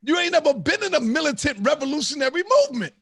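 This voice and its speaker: A man hosting a live-stream debate, loud, profane and preaching. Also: very high-pitched, very animated, fast, vocal fry, no room sound, studio quality. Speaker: host.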